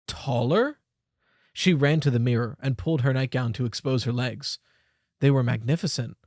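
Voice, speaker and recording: A man's voice: mid-range voice, a little mellow, no echo, studio quality. Young man narrating an audiobook. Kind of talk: scripted narration.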